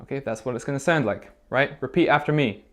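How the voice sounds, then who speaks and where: A man's voice: medium pitch, quick pace. Encouraging man teaching recorder to children. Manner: encouraging, checks in with frequent "okay?"; patient, step-by-step instruction. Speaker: music teacher. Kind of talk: recorder lesson video for children.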